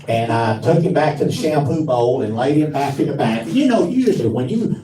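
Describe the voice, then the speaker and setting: Folksy Southern man telling stories on stage. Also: mid-range voice. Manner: folksy, drawling storyteller. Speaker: stand-up comedian. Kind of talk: live stand-up storytelling. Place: live comedy venue. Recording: roomy live room from a distance, faint ambience.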